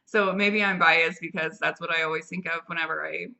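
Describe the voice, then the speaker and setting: A young woman reviews a film in a loose, chatty way, with lots of fillers and restarts. Her voice sits low and carries a gravelly fry, with a tense, bright edge. The recording sounds dull and lo-fi. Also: fairly even intonation, a little fast. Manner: rambling, chatty, full of "like" and restarts. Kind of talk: casual spoken movie review.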